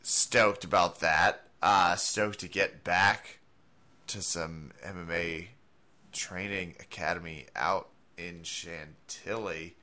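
A man co-hosting a podcast in casual chat, joking and animated, with a cold. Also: takes it slowly. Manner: animated, joking, swings pitch a lot. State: has a cold. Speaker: podcast co-host.

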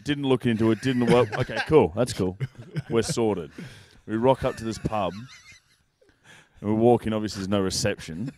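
A man's voice: fairly low pitch, normal speed, a little mellow, a little hiss or hum. A hungover Australian man telling a rambling story in casual chat, laughing and swearing freely. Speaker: co-host.

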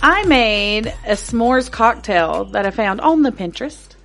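A woman's voice: on the high side, expressive, measured pace, creaky, a bit bright, soft background music. Giggly young woman podcast co-host. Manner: giggly, playful, swears casually. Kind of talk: casual chat.

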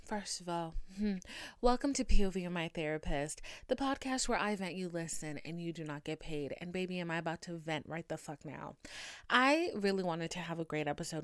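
A woman's voice: lowish voice, no echo, studio quality. Profane young woman venting on her podcast. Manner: profane, dramatic, animated storytelling. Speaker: podcast host. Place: home recording setup. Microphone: podcast microphone.

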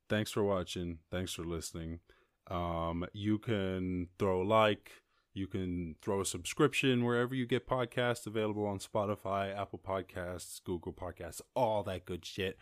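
A man's voice: sits low, smooth, no room sound, clean studio sound. A man with an Irish accent hosting a podcast, freestyling profane, rambling rhymes and chatting casually. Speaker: podcast host. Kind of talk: freestyle rapping and casual outro.

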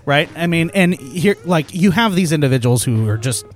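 A man co-hosting a faith podcast, talking earnestly in casual conversation, with asides and quick laughs. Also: a little high, lively intonation, faint music behind. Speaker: podcast co-host.

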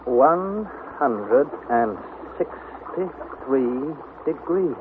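An actor playing an earnest young nephew who narrates a perilous voyage in a 1960s radio drama. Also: male voice, fairly high pitch, very animated, normal speed. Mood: anxious. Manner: earnest, anxious, pleading. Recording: tinny, hissy old radio broadcast.

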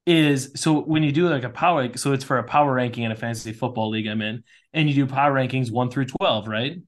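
A man in his thirties, a podcast co-host, chatting casually and telling animated stories with casual swearing. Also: mid-range voice, quick pace.

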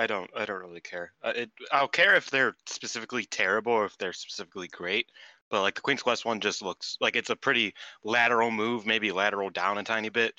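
A man's voice: on the low side, bright, forceful tone, dry recording, low-quality recording. A man co-hosting a podcast, rambling loosely and casually, sometimes with his mouth full. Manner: loose and rambling, talks while eating. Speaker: podcast co-host. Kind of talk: casual chat.

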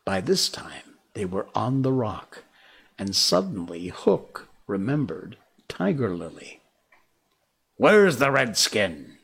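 A man reading a storybook aloud in a slow, expressive way. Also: fairly low pitch, vocal fry, breathy edge.

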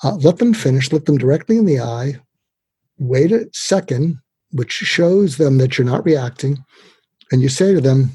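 An older man, a guest expert, giving communication advice in a lively conversational way, acting out quotes as he goes. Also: mid-range voice, normal speed, husky, no echo. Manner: animated, tells tips with acted-out quotes. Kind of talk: conversational interview.

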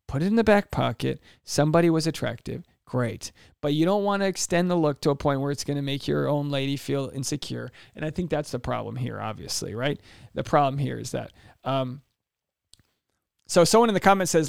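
A man's voice: moderate pace, gravelly, smooth, dry recording, studio quality. A man hosting a solo podcast, talking casually and animatedly, with joking asides and acted-out quotes. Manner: acts out quoted voices with big pitch jumps. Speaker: podcast host.

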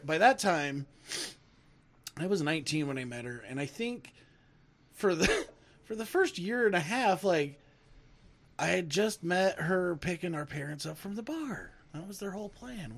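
Lively high-voiced man telling stories. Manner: animated, laughing, swearing storyteller. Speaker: podcast co-host. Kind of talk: casual storytelling chat.

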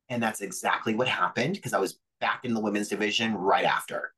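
A man's voice: lowish voice, a little fast, hardly any pauses, sharp tone, slightly rough, poor audio. A man, a pro wrestler guest, telling stories from his career in a chatty way, full of fillers and acted-out quotes. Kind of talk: casual storytelling interview.

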